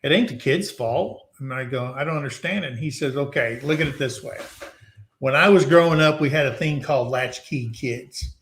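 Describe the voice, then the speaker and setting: A man's voice: medium pitch, normal speed, fairly bright tone. A man in his sixties hosting a casual chat and telling a folksy story, acting out the dialogue.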